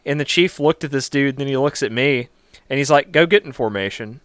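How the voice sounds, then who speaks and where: A man co-hosting a podcast, telling profane army anecdotes in animated casual chat. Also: mid-range voice, a little fast, smooth, dry recording. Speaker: podcast co-host. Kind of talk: casual storytelling.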